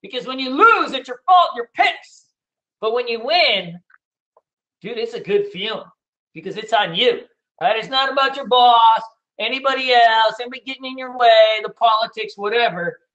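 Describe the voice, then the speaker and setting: A man teaching day trading, making a casual, blunt pitch for his course and swearing freely as he talks straight to his audience. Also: moderate pace, pushed and bright, dull audio.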